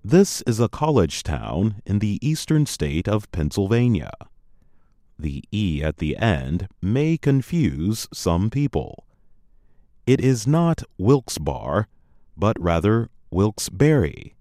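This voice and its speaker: A man presenting a scripted educational program, reading slowly and deliberately in a teacherly way. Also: fairly low pitch, sing-song, mellow, dry recording, studio quality.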